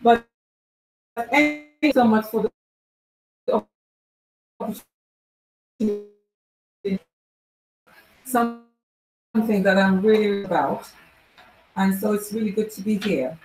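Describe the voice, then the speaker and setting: A woman's voice: medium pitch, slow, pauses often, darkish tone. A woman giving a casual talk as guest speaker at an event, chatty, with many fillers and restarts. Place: large event room. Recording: echoey room with faint background noise.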